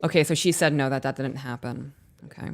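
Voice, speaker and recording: A woman's voice: rumbling low, a little fast. A woman hosting a casual live stream, reading listener emails aloud and reacting bluntly with casual swearing.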